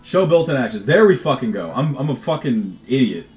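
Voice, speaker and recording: With faint music behind him, a man livestreams his game development work, coding as he talks casually. His medium-pitched voice is sing-song and fairly quick, and he swears, laughs readily and frequently starts his words over.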